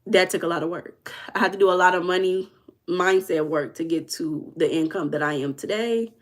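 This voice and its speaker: A woman's voice: lowish voice, moderate pace. A young woman coach chatting casually with viewers, telling stories and calling them y'all. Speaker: manifestation coach answering viewers live. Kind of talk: casual livestream chat.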